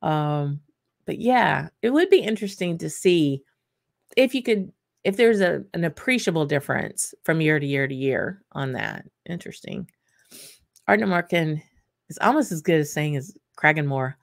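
Woman, middle-aged, low pitch, casual livestream chat, laughs a lot. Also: animated, normal speed, gravelly, no echo, studio quality. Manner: chatty, laughs often, many ums and restarts. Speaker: host of a whisky livestream. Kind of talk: casual chat reading viewer comments.

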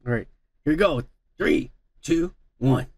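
A man with a high, gravelly voice hosts a podcast, rambling crudely and swearing freely. The sound is dry and close, with no room around it. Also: lively intonation, unhurried, dry recording. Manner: profane, rambling, laughs often. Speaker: podcast host. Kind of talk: crude casual chat.

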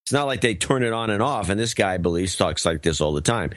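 An older man co-hosting a talk show, grumbling and sarcastic as he picks apart what he hears. His voice sits a little low, and it is recorded close and dry with no room sound. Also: animated, fast, a bit bright, no room sound. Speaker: co-host. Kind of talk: casual chat.

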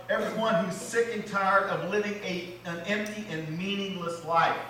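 A man, a pastor, preaching a sermon in a church, swinging between loud, rising lines and low, quiet emphasis. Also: slight background noise. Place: church sanctuary. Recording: echoey church hall, mic at a distance.

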